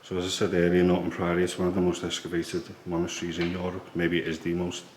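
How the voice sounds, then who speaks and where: Man, very deep monotone voice, hushed tour-guide vlog, echoey room with noise. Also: fast. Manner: hushed, low-key explaining. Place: museum in an old priory, indoors.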